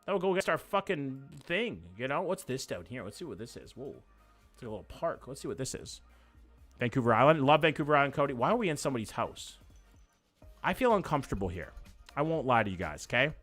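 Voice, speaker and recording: Bright-voiced profane streamer. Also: male voice, medium pitch, very animated, fast talker, soft background music. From Canada. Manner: loose, profane, joking, reacts out loud to what he sees. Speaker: livestream host. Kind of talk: live reaction stream, casual chat.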